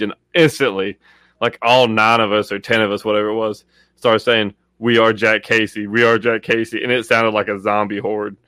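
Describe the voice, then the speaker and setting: Male co-host, low voice, joking storyteller, casual chat. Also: fairly bright tone, smooth, no echo, studio quality.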